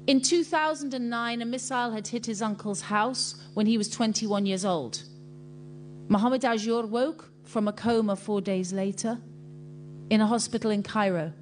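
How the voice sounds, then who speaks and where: A woman giving an impassioned religious talk to a congregation, telling stories earnestly and emotionally with many pauses. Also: fairly high pitch, a little hiss or hum. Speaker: speaker addressing a Muslim congregation.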